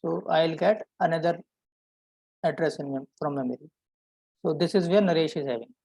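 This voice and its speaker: A man teaching a programming lesson, explaining step by step and often checking in with a quick "right?". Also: fairly high pitch, gravelly, a little mellow, dry recording, poor audio. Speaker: programming instructor. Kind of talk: live coding lesson.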